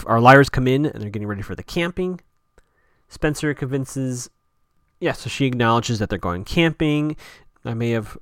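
A man's voice: medium pitch, no room sound, clean studio sound. A man hosting a podcast, casually recapping a TV episode in a rambling, chatty way with lots of fillers and self-corrections.

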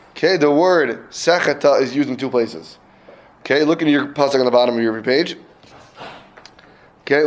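A man with a fairly high speaking voice leads a casual Talmud class. He talks in a lively way, tosses questions to the room and acts out short scenes to make his point.

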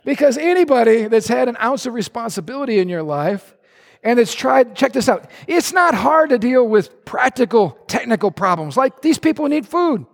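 A male pastor preaching a sermon in a church, animated and conversational with a humorous streak. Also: very high voice, moderate pace, gravelly, long reverb tail.

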